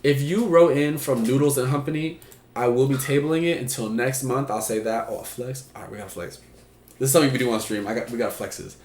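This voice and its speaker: A man's voice: medium pitch, fairly quick, darkish tone, slight background noise. A man hosting an advice stream, with a chatty, joking manner and casual swearing. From Puerto Rico. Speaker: stream host. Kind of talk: casual chat. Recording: echoey room.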